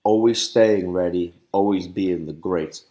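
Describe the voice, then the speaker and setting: A man's voice: low voice, measured pace, dark tone. A man in his twenties hosting a podcast, interviewing a friend in an upbeat, conversational way and chiming in often with agreement. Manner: upbeat, chimes in with frequent agreements. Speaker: podcast host.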